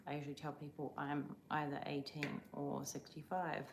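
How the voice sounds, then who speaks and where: A woman's voice: low voice, completely flat delivery, normal speed, gravelly, noisy background. A young woman from Croatia hosting a casual livestream, chatting in a rambling, oversharing way. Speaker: livestream host. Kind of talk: casual live chat.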